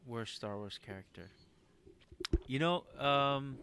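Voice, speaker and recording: A man's voice: medium pitch, animated, takes it slowly, pushed and bright, a little hiss or hum. Young male co-host, mid-range voice, loose and blunt chat. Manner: loose, blunt, many fillers and short agreements. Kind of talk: casual chat.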